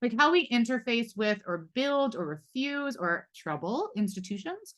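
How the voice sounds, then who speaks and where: A woman's voice: on the high side, very animated, moderate pace, fairly bright tone. A woman in her forties moderating a live roundtable, talking reflectively with many fillers and asides. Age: 40s. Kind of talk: live panel discussion.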